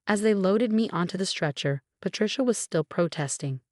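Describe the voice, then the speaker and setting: A woman's voice: medium pitch, animated, moderate pace, few pauses, a little mellow, no room sound, studio quality. A woman narrating a dramatic first-person story.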